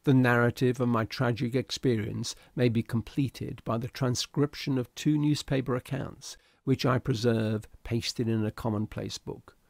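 A man reading a classic short story aloud in a steady, deliberate storytelling manner. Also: medium pitch, vocal fry, dry recording. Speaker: reader. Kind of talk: audiobook narration of a classic story.

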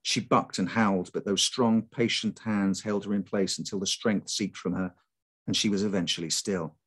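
A man reading his own folk horror story aloud to a live audience, with measured, unhurried narration. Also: fairly low pitch, steady tone, a bit bright, slightly rough.

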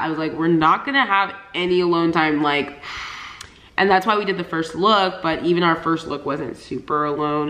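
Gushing low-voiced young woman vlogger. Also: fairly bright tone. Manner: gushing, chatty, lots of "like". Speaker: vlogger, bride. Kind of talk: casual chat. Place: at home.

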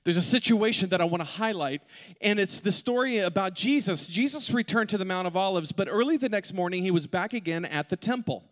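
A middle-aged male pastor telling a funny personal story in an animated way, with asides to the congregation. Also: high-pitched, fairly quick. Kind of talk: sermon with humorous personal story. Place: large church auditorium. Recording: long hall reverb.

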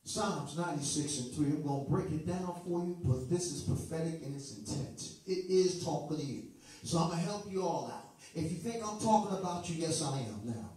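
A man's voice: a little high, expressive, fairly quick, dark tone. A man preaching a sermon with fervour, moving between sing-song chanting and joking asides to the congregation. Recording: echoey room from far off with music. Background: music.

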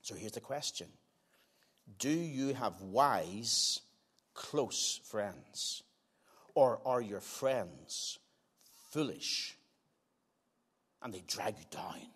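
An older man preaching a sermon in a church, earnest, pressing some lines hard and dropping others to quiet, slow asides. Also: on the low side, animated, slightly rough. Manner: earnest, swings between emphatic loud lines and quiet slowed asides. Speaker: pastor. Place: church sanctuary.

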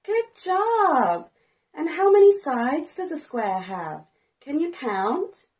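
A woman's voice: high voice, big pitch swings, slow, darkish tone. A woman hosting a children's learning video as a preschool teacher, talking in a sing-song way with dramatic gasps and plenty of praise.

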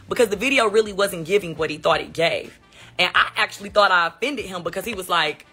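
A woman's voice: on the low side, quick pace, sharp tone, husky, soft background music. A woman hosting a casual commentary chat, talking in a chatty, sarcastic way. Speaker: host.

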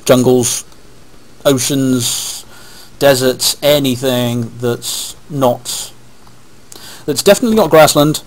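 A man hosting a casual let's play, rambling along and talking to himself as he plays. His voice sits at an ordinary middle pitch, and it is picked up by a webcam microphone rather than a headset. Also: rough recording. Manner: rambling, chatty, talks to himself while playing. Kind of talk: casual gameplay commentary.

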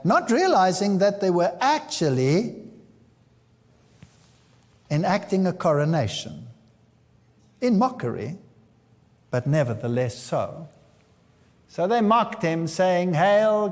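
High-voiced preacher man in echoey hall. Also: darkish tone. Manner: reads scripture aloud with dramatic emphasis. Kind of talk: sermon.

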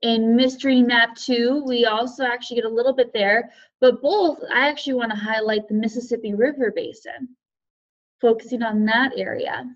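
High-voiced woman leading a teaching webinar. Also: steady tone, moderate pace, muffled recording. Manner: friendly, reads out chat guesses and thanks participants. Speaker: webinar presenter for educators. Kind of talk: live online teaching webinar.

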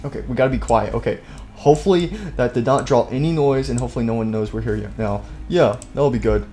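Goofy excitable man narrating game role-play. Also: medium pitch, fast talker, slight background noise. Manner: goofy, excitable, switching between hushed sneaking and loud panicked yelps. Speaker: gaming video host. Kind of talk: playful role-play commentary over a game.

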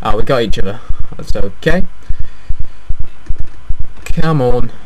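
A man's voice: medium pitch, animated, takes it slowly. A young man giving casual, self-deprecating commentary while playing a video game. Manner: chatty, self-deprecating, easily frustrated. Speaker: gaming YouTuber. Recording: noisy home mic recording.

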